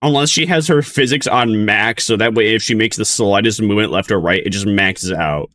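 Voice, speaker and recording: Low-voiced man rambling through a reaction stream. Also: a little fast, a bit bright. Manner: rambling, laughs often, mocking sing-song outbursts. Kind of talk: casual reaction commentary.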